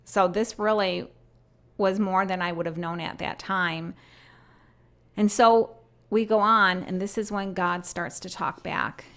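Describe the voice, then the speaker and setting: An earnest woman in her fifties sharing faith in a personal talk. She speaks at a middling pitch and turns slow and soft when she reads out her written passages. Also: steady tone. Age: 50s. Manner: earnest, slows down and softens when reading. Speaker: host sharing messages from prayer.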